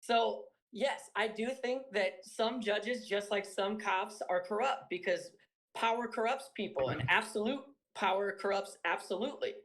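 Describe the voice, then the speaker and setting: A woman's voice: mid-range voice, moderate pace, poor audio. A woman debating as a guest, hesitating and restarting her sentences as she answers.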